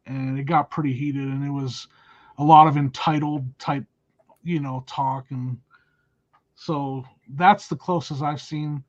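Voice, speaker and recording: A man's voice: mid-range voice, fairly even intonation, a little slow. A man co-hosting a podcast, chatting casually with a dry, self-deprecating humor. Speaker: podcast co-host. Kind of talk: casual chat. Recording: dull lo-fi audio.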